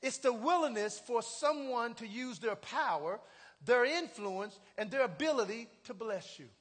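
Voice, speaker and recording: High husky preaching man. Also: animated, unhurried. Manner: call-and-response preaching, rising to shouts. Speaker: pastor. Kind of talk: sermon. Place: church sanctuary. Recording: long hall reverb.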